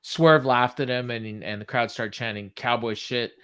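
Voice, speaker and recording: A man's voice: medium pitch, fairly even intonation, moderate pace, fairly bright tone, clear, resonant tone. A man co-hosting a podcast, recapping a show in casual chat with lots of fillers and quotes read aloud. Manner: rambling with many fillers, reads quotes aloud. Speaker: podcast co-host.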